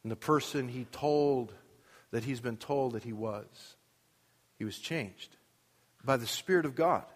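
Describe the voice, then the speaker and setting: A man's voice: medium pitch, measured pace, long pauses, husky. A man preaching a sermon in a church, pressing his point with rhetorical questions and rising emphasis. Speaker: pastor. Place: church with a sound booth. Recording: long hall reverb.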